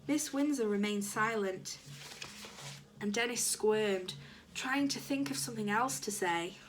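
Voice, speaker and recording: A woman reading a children's book aloud to young listeners, animated and expressive. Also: mid-range voice, a little slow, slight background noise.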